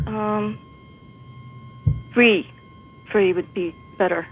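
A woman from New Jersey calling into a radio show, speaking hesitantly with many pauses. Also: medium pitch, slight background noise. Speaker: caller. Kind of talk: call-in on the radio. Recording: tinny phone line.

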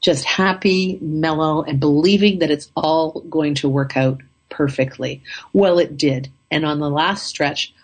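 Low, husky-voiced woman telling a story. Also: a little slow. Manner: upbeat, chatty, relaxed. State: slightly rough throat. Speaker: vlogger telling a travel story. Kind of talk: casual storytelling monologue.

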